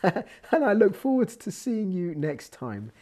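A man with a croaky voice teaching a scripture class, swinging from low explanation to loud exhortation. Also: sing-song, slow pace, a little hiss or hum. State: hoarse, croaky voice. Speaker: Torah teacher. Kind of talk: lecturing on scripture.

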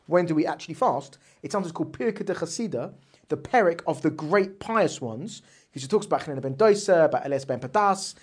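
A woman teaching a religious text lesson, reading passages aloud and posing rhetorical questions in an animated way. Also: medium pitch, breathy edge. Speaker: Torah teacher.

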